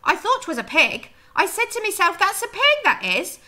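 A loud, rambling farmer's wife with a broad West Country accent, put on by a woman teacher. She speaks much higher than her usual voice, with a bright, sharp tone and a swooping, lively delivery that runs on and on. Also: normal speed, exaggerated voice. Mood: chattering. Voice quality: loud and long-winded. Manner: rambles on at length. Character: chatty talkative farmer's wife.

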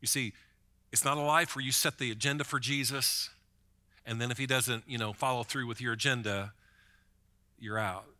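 A man's voice: mid-range voice, steady tone, normal speed, pauses often, sharp tone. A man preaching a sermon as pastor, in a conversational way, often repeating a word as he starts a thought.

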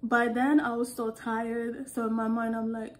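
A young woman telling work stories in an animated, casual way, laughing as she goes. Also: a little high, a little slow. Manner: animated, acts out quotes, laughs often. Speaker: call center worker. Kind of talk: casual storytelling vlog.

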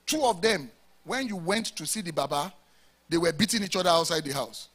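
A man's voice: a little high, lively intonation, brisk, fairly bright tone. A Nigerian pastor preaching a sermon to his congregation, with emphatic, rhetorical questions. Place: church service before a congregation.

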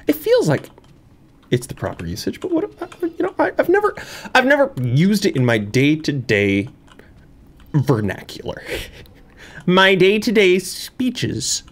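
Animated man rambling over a game. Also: normal speed, long pauses. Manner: rambling and self-mocking, with frequent laughs and high excited outbursts. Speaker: gaming YouTuber. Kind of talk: let's play commentary. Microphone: desk microphone.

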